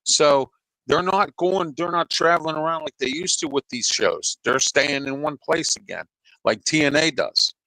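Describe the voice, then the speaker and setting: A man's voice: on the high side, animated, moderate pace, pushed and bright, no room sound, low-quality recording. A man talking as a guest on a casual sports show, rambling and restarting his sentences. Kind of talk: casual sports talk on a call.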